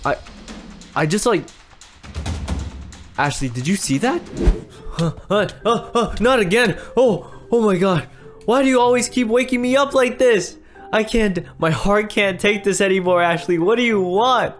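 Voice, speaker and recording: A man playing himself in a comedic Minecraft roleplay, excitable and quick to exclaim and yell. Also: high-pitched, over music. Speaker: roleplay series creator and lead player.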